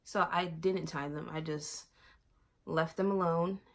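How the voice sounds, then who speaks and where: A young woman from Miami, a vlogger sitting on her bed and telling a story in casual chat. She acts out quoted lines with big jumps in pitch and volume. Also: fairly even intonation, a little slow. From Miami, USA.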